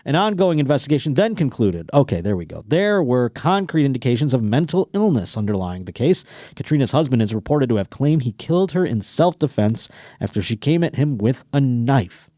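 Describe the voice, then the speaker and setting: A man's voice: medium pitch, sing-song, a little fast, warm tone, dry recording, studio quality. A man hosting a podcast, reading listener stories aloud and riffing on them with crude, sarcastic jokes. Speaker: podcast host. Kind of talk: comedic news commentary.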